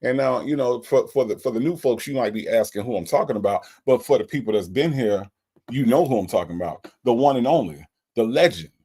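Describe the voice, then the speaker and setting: A man's voice: medium pitch, brisk, breathy edge. A man hosting a casual livestream, greeting viewers by name and reading their comments in a playful, teasing way. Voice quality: lively, playful, teasing delivery. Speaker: livestream host.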